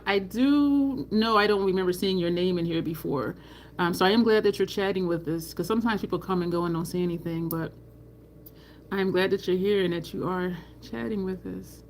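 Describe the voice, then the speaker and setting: A woman's voice: mid-range voice, fairly quick, a little hiss or hum. A middle-aged woman hosting a makeup livestream, chatting casually with viewers as she works, laughing often and acting out people in her stories. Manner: chatty, reads and answers live chat, laughs often. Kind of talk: casual chat while doing makeup.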